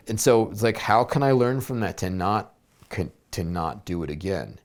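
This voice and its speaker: A therapist and spiritual coach reflects in a video blog, speaking at a normal speed in a lowish voice. He sounds gentle and searching, with plenty of fillers and restarts.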